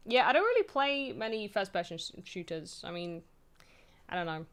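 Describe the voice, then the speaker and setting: A woman from Poland talks casually to her stream chat from home. Her voice sits at an ordinary middle pitch. Her speech is loose and rambling, peppered with fillers, swearing and quick laughs. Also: very animated, clean tone. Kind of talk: casual chat answering viewer questions.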